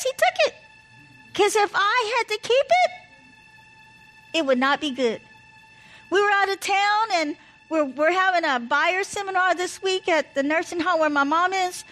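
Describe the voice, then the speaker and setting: A woman's voice: extremely high pitch, animated, normal speed, a bit bright, soft background music, poor audio. A woman casually telling stories and giving advice about marriage, in a chatty, anecdotal way. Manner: chatty, anecdotal, repeats "blah, blah". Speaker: speaker sharing marriage advice. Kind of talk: casual storytelling talk.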